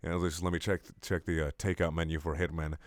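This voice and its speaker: A man's voice: low-pitched, level tone, a little fast, no room sound, studio quality, voice pushed down, lightly acted. A man voicing a mocking male mob boss who jokes on the phone. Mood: teasing.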